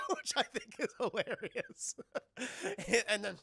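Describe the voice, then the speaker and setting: Brief: male streamer, casual profane recap, very lively intonation. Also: extremely high pitch, slow pace, vocal fry, dry recording, studio quality. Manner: animated, profane, laughing often. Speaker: streamer and film reviewer. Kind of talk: casual scene-by-scene recap to chat.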